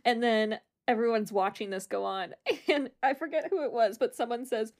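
An excitable woman co-host recapping a reality show in casual chat. Her voice sits a little high for a woman. She laughs a lot and swears freely as she talks. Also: moderate pace. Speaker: podcast co-host.

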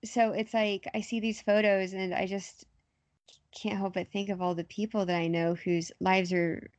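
A woman's voice: medium pitch, little pitch movement, moderate pace, a little mellow, dry recording. A young woman talking politics casually in a hesitant, wry way, with many fillers.

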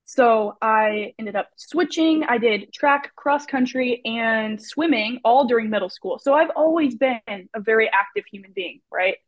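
A woman's voice: on the high side, lively intonation, a little slow, hardly any pauses, dry recording. A young woman speaking as a podcast guest. She talks openly and chattily, with lots of "like" and "you know". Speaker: guest, personal trainer. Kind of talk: casual podcast chat. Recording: dull lo-fi, very dry sound.

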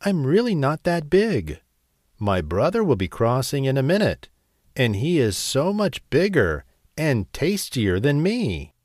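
A man's voice: mid-range voice, wildly swooping pitch, a little slow, a little mellow, no echo, clean studio sound, pitched above the performer's own voice. A man voicing a medium-sized billy goat, pleading in fear in a bedtime story. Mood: frightened. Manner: pleading, frightened.

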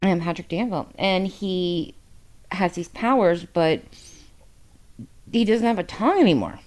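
A woman's voice: on the low side, unhurried, darkish tone. A woman co-hosting a podcast, chatting casually and emotionally about books, swearing freely and rambling with fillers. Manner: candid, emotional and heavy on profanity. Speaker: podcast co-host. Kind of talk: casual book discussion.

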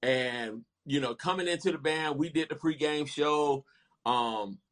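Animated man with a bright, forceful voice. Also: a little high, measured pace. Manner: animated, lively storytelling with laughter. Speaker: guest. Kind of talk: storytelling in casual chat.

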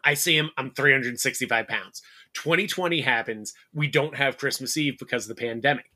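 A man from New Jersey, a schoolteacher, chatting as a podcast guest and telling stories with quick asides. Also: mid-range voice. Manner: animated storyteller, quick asides. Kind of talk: casual chat.

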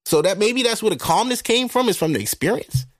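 Man, podcast host, casual monologue, blunt and profane, slightly high voice, dry close mic. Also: a little fast, dry recording. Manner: blunt, profane, animated street talk. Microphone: studio microphone.

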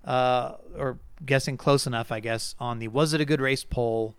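A man's voice: mid-range voice, steady tone, moderate pace, clear, resonant tone, dry recording. A man co-hosting a podcast, chatting casually and hedging with lots of fillers and restarts. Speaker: podcast co-host. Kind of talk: casual sports chat.

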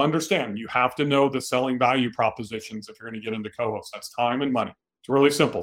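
A man hosting a solo podcast, giving direct, coaching advice in a plain-spoken way. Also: medium pitch. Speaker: podcast host.

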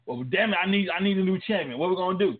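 Higher-voiced man telling stories over a phone-like line. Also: lively intonation, rapid-fire, slightly rough. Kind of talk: casual chat. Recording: tinny phone-like sound.

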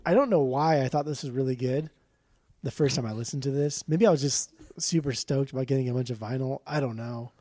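Male podcast co-host, mellow dark voice, blunt and profane, rambling. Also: medium pitch, fairly quick, dry recording. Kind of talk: casual chat, album review.

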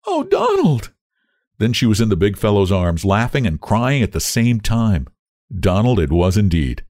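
A man narrating a storybook in an expressive reading voice. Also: medium pitch, no echo, clean studio sound. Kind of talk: audiobook reading.

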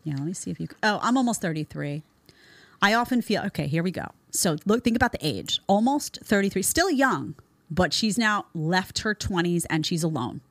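A woman's voice: fairly low pitch, animated, moderate pace, fairly bright tone, dry recording. A woman in her thirties hosting a commentary show, blunt and sarcastic in her opinions. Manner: blunt, sarcastic, mocking voices in quotes.

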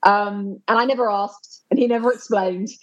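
A middle-aged English woman in a casual interview, telling lively, nostalgic stories and laughing often. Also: medium pitch, normal speed, muffled recording. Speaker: sports broadcaster, guest. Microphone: video call.

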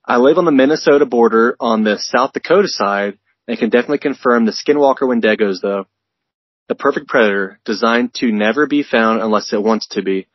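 A man's voice: mid-range voice, a little fast, dry recording, dull audio. A man co-hosting a casual podcast, reading out a story in a laid-back way and swearing freely. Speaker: podcast co-host.

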